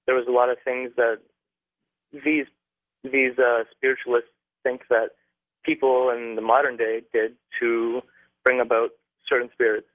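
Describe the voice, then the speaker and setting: A man's voice: medium pitch, little pitch movement, no echo. Young man telling a tale down a phone line. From Canada. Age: young adult. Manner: halting, many fillers and restarts. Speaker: caller. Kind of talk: phone-in storytelling. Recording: tinny dry phone line.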